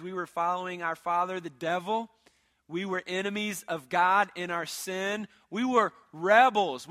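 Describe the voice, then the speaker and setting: A man preaching a sermon earnestly, often repeating words and building to loud, emphatic stretches. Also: fairly high pitch, dry recording, clean studio sound.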